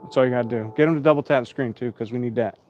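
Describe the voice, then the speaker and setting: A man's voice: medium pitch, racing, muffled recording, slight background noise. A tired man hosting a casual live stream outdoors at night, rambling and chatting with his viewers.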